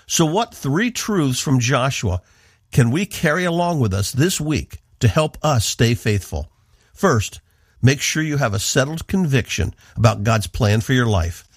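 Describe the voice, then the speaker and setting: A man's voice: medium pitch, animated, unhurried, breathy edge, no room sound. A man from the northeastern United States, a radio Bible teacher giving an earnest, emphatic devotional talk into a studio microphone.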